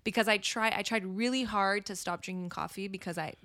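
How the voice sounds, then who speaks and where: Fast-talking, blunt woman podcast co-host. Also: mid-range voice, a bit bright, a little hiss or hum. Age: 50s. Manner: quick, blunt, joking. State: jittery from coffee. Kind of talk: casual chat.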